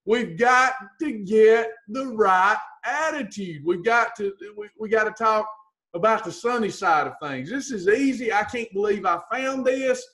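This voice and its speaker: A woman's voice: mid-range voice, animated, measured pace, a bit bright. A woman gives a blunt, folksy motivational talk as a weight-loss coach and teases her listeners with pet names.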